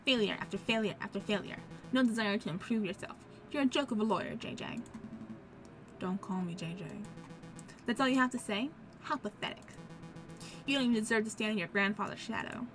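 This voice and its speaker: A woman's voice: mid-range voice, a little fast, music in the background, lightly acted. A woman voicing a cold, scornful noblewoman villain in a game. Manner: contemptuous, mocking.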